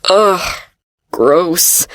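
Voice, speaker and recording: A teasing, fearless young adventurer woman from a storybook, pitched lower than the narration and delivered with a dry, easygoing wryness, as a woman narrator puts her on. The recording is close and dry. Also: drawn-out words, dry recording. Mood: wry. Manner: low, relaxed and wry. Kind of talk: audiobook character voice.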